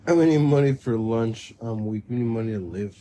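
A man's voice: mid-range voice, moderate pace, dark tone, a little hiss or hum. A young man co-hosting a podcast in casual chat, joking, swearing freely and laughing often. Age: young adult. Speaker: podcast co-host.

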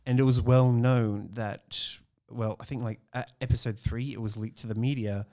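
A man in a relaxed podcast conversation who explains facts, pausing often on ums and uhs. His voice rests at a plain, middle pitch. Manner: informative, explains facts with many fillers. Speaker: podcast co-host. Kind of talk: casual chat.

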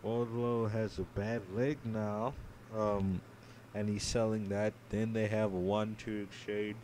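A man co-hosting a podcast, giving a casual play-by-play recap of a wrestling match, sleepy and yawning, his voice trailing off quietly with many ums. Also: fairly low pitch, little pitch movement, a little slow, a little hiss or hum. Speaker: podcast co-host.

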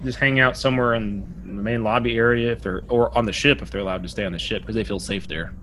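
A man narrating as game master in a tabletop game, quick and casual. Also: on the low side, steady tone, fairly bright tone, slight background noise.

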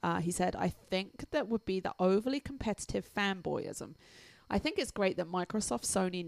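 English woman, podcast co-host, giggly, gravelly edge, dry mic. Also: fairly low pitch, no echo. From England. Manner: giggly, laughs often between lines. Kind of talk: casual chat, reading a listener email aloud.

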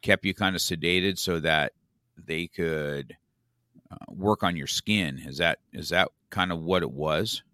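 A man's voice: deep voice, unhurried, pushed and bright, dry recording, studio quality. A man interviewing a guest, asking questions and giving short listening responses. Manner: brief listening responses and laughs. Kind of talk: casual interview.

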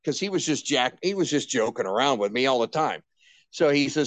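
Talking a little fast, an older man with a medium-pitched voice and no echo behind him shares candid stories in an interview. He is a veteran of radio. His lively anecdotes keep restarting and are packed with quoted dialogue he performs.

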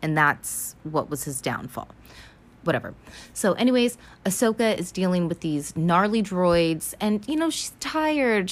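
A young woman with a slightly low voice gives a loose recap of a movie. She talks in a chatty, profane way and acts out scenes with lively asides. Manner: chatty, profane, animated retelling. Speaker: vlogger recapping an animated film. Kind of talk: casual recap chat.

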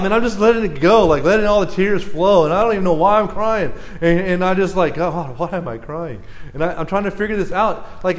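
A man delivers a sermon in a relaxed, chatty way, pulling listeners in by name and laughing along with them. His voice sits fairly high, and the room adds a noticeable echo. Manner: casual, animated, laughs often, talks to audience members. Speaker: pastor.

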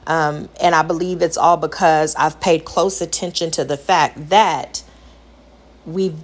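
A middle-aged woman with a high voice, talking earnestly about parenting and repeating phrases for emphasis. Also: fairly even intonation, measured pace. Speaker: parent sharing advice. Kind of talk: personal talk to camera.

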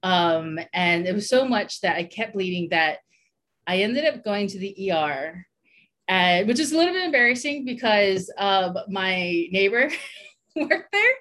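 A woman's voice: medium pitch, very animated, a little slow, fairly bright tone. Chatty woman telling a story, laughing. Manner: chatty, many fillers, laughs often. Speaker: guest telling a personal story. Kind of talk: casual podcast chat.

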